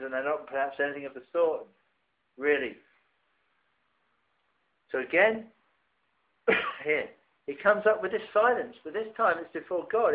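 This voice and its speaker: Male preacher, sermon, halting restarts, slightly high voice. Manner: halting, many restarts, rising emphatic phrases. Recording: tinny phone-like recording.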